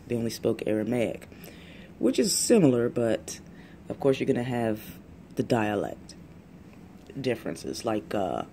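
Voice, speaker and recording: Rambling man with a mellow voice. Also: mid-range voice, a little hiss or hum. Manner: rambling, halting, with frequent restarts and fillers. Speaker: channel host. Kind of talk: casual explanatory monologue.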